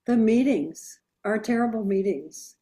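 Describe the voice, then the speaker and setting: A woman's voice: a little high, animated, measured pace, warm tone. A woman publisher with an East Coast American accent, talking casually and bluntly in an interview and laughing often.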